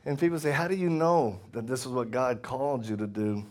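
A middle-aged man preaching a testimony sermon to a live audience, laughing often and swinging from loud outbursts to hushed tones. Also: medium pitch, fairly quick, slight background noise.

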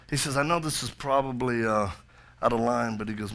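Bright-voiced man preaching a sermon. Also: mid-range voice, brisk, vocal fry. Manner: storytelling, jokey asides, rising to fervent preaching. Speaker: pastor.

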